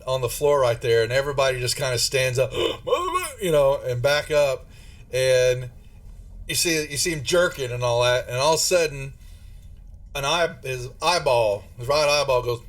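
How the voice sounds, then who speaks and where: A man with a drawl runs a tabletop horror game as its game master. He narrates in a rambling, halting way, full of fillers and false starts, at an average pitch for a man. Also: fairly bright tone.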